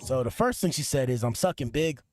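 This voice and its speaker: A man's voice: medium pitch, expressive, a little fast, a little mellow, faint music behind. A man hosting a podcast, talking loose and slangy to his live chat as he reacts to clips, trailing off and restarting. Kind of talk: casual commentary to a live chat.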